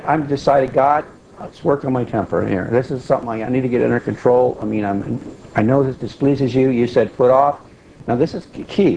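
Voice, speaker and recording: A man's voice: fairly high pitch, a little mellow, dull audio, a little hiss or hum. A middle-aged man teaching an informal sermon to a small group, plain-spoken, repeating key phrases and asking listeners questions.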